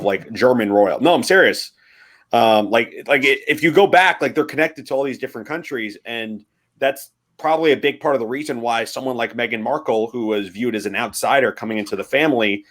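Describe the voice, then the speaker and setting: A man's voice: mid-range voice, fairly bright tone. Earnest man explaining on a podcast. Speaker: podcast co-host. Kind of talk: casual chat.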